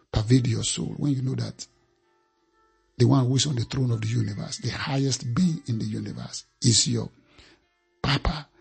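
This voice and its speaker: Husky, gravelly-voiced man preaching. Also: medium pitch. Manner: emphatic, repeats phrases for effect. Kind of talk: sermon.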